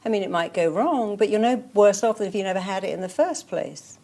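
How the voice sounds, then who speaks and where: A woman's voice: medium pitch, brisk, warm tone. A woman therapist talking in an interview, emphatic and repetitive, telling stories and repeating affirmations. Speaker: therapist guest. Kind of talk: motivational interview talk.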